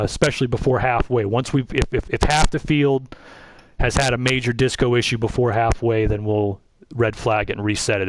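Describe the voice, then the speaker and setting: A man running a pre-race drivers' briefing for an online racing league, relaxed and rambling, with frequent restarts. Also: medium pitch, no room sound, rough recording. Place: online voice chat.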